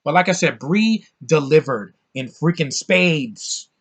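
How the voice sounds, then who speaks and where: A man's voice: on the high side, lively intonation, takes it slowly, slightly rough. A man giving a passionate, ranting movie review, fired up and defiant. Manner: passionate, ranting, swears mildly. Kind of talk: excited movie review rant.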